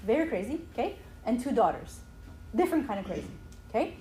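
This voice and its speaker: An animated woman with a high, bright voice speaks to a church audience, checking in with a quick "okay?" after many lines. Her voice rings through an echoey hall over faint ambient noise. She sounds like a speaker in her thirties working through a slide talk.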